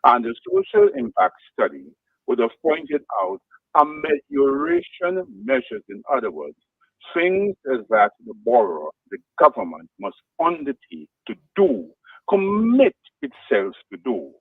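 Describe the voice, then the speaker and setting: Man asking deliberate leading questions. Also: medium pitch, huge pitch swings, creaky, dry recording, narrow, tinny audio. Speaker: radio talk show guest. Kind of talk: radio talk show discussion.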